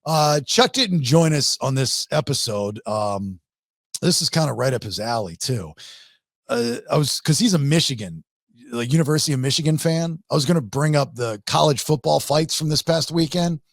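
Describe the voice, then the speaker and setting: A man hosting a podcast, chatting casually about college football and rising in pitch when he makes a point. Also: expressive, moderate pace, dry recording. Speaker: podcast host. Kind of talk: casual sports chat.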